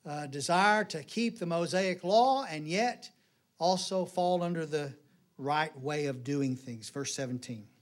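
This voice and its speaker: A middle-aged man preaching a sermon in a church, folksy and joking, telling stories with animated delivery. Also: a little high, measured pace. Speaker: pastor. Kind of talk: sermon with jokes.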